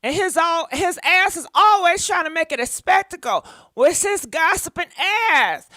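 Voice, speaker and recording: High bright-voiced lady spilling celebrity tea, dry close sound. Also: lively intonation, moderate pace, no room sound. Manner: sassy, laughing, talks back at celebrities. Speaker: gossip show host. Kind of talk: casual live gossip commentary.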